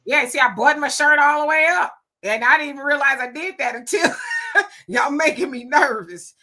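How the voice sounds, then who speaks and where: Chatty, bright-voiced woman streamer. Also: sits high, moderate pace. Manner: chatty, laughs often, talks back to viewers. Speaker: live-stream host reading chat. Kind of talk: casual live-stream chat.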